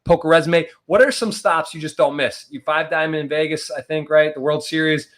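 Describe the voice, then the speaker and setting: A man's voice: on the high side, fairly even intonation, brisk, fairly bright tone. A man hosting a podcast, asking chatty, rambling questions in a casual interview. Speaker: podcast host.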